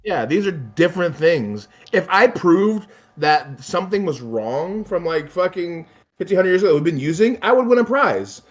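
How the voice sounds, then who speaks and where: A man's voice: sits high, big pitch swings, moderate pace. A man in casual chat, speaking emphatically, swearing freely and acting out quoted exchanges.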